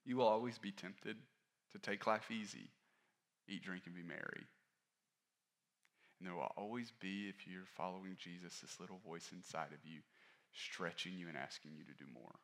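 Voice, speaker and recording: A male pastor preaching a sermon in a candid, conversational way, rising to stress points and dropping low and quiet for personal asides. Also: fairly even intonation, normal speed, long pauses. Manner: candid, conversational preaching that rises and falls in force.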